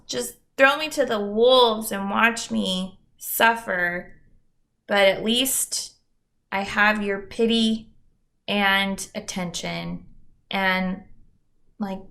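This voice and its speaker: A young adult woman hosts a podcast as a candid solo monologue, mocking herself, throwing in dramatic asides and swearing plenty. Her voice is medium-pitched and a bit bright.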